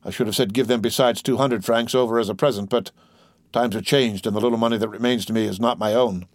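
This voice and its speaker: A man's voice: lowish voice, steady tone, fast, no room sound, studio quality, lightly acted. Give me a man playing a mournful middle-aged ship-owner, formal and grave.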